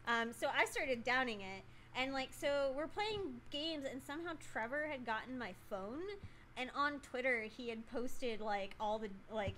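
A woman's voice: on the high side, fairly bright tone, a little hiss or hum. Rambling young woman telling a party story. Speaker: podcast co-host. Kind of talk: casual chat.

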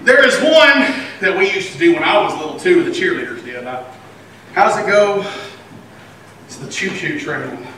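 A man preaching a sermon as pastor, animated, swinging between loud and quiet. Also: a little high, normal speed, pauses often, slight background noise. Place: church sanctuary. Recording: echoey church hall from a distant mic.

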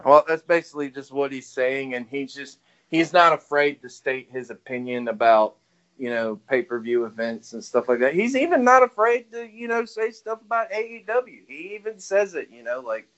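A man's voice: fairly high pitch, animated, moderate pace, fairly bright tone. A man co-hosting a casual wrestling podcast, rambling, swearing and laughing as he retells what others said. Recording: dull lo-fi audio.

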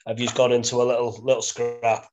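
A man's voice: medium pitch, monotone, fairly quick. A man from Birkenhead with a Merseyside accent, telling rambling, sweary stories in casual chat and laughing mid-sentence. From Birkenhead, England.

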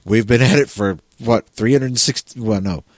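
A man co-hosting a podcast in casual chat, jokey and animated, stumbling over words now and then. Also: mid-range voice, moderate pace, no echo. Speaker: podcast co-host.

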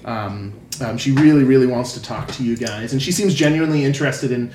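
A man's voice: medium pitch, a little fast, darkish tone. A man narrating a tabletop game as game master, loose and full of ums. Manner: loose, many ums and restarts. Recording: echoey room, faint noise.

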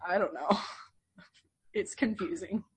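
A woman's voice: medium pitch, unhurried, slight background noise. A woman on a podcast panel in casual chat, talking in a wry, quizzical way.

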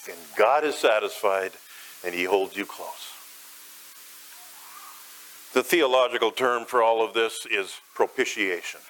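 A man preaching a sermon as guided imagery, dramatic, swelling loud and high, then dropping soft and low. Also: slight background noise, poor audio.

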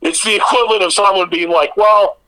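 A man co-hosting a casual sports podcast, with a bright, forceful tone set a bit high. He rambles through stories with lots of "you know" and "like," keeping it animated. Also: moderate pace, low-quality recording. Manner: rambling, animated storytelling with many fillers. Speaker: podcast co-host.

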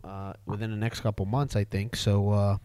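Male radio host, relaxed and encouraging, lower voice, dark dry tone. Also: moderate pace, smooth, dry recording. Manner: easygoing, filler-heavy, encouraging. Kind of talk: casual radio talk.

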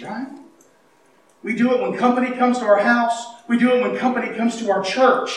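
A middle-aged man preaching a sermon as pastor, telling stories, acting out dialogue and swinging between loud and hushed. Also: extremely high pitch. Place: church sanctuary. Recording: echoey church hall, mic at a distance, faint noise.

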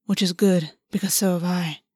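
A woman voicing a possessive, domineering male fae lord who speaks in a low purr and hisses his orders. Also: fairly even intonation, moderate pace, husky, no room sound, studio quality. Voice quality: low purring voice. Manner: quiet, commanding, hissing.

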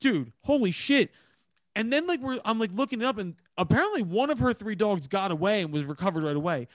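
A man's voice: high-pitched, expressive, brisk, no room sound, studio quality. A man co-hosting a podcast, talking emphatically in casual chat and swearing freely. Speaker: podcast co-host.

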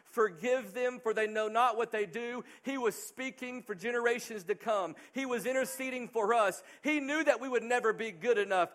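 A man's voice: extremely high pitch, a bit bright. A middle-aged male pastor preaching a sermon, earnest and emphatic.

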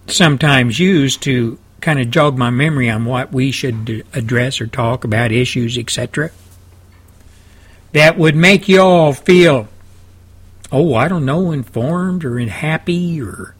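Slow, folksy Texan radio host. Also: male voice, medium pitch, a bit bright, breathy edge. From South Texas. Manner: folksy, rambling, drawling. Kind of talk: folksy talk radio monologue. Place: radio studio.

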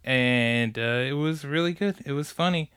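Male podcast co-host, bright and smooth voice, relaxed but enthusiastic. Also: on the high side, moderate pace. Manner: enthusiastic, laid-back, stumbles over words. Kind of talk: casual chat.

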